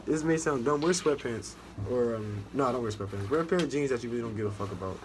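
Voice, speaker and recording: A man's voice: mid-range voice, expressive, fast, few pauses, a little hiss or hum. Profane, rambling young American man. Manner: profane, rambling, restarts a lot. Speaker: navy recruit sharing experience. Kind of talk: casual storytelling vlog.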